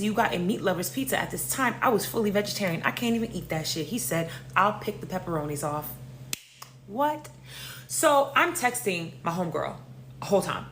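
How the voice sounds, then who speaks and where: An animated young woman from New York tells a story in a casual storytime vlog, slangy and profane, calling her listeners "y'all." Her voice is mid-range, with a faint hiss or hum in the recording.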